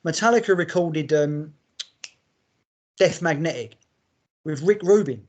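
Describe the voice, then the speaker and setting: A man on a podcast talking bluntly with his mate, his voice a touch higher than most men's. He swears freely and calls his friend mate. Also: animated, unhurried, darkish tone. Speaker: podcast co-host. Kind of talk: casual chat.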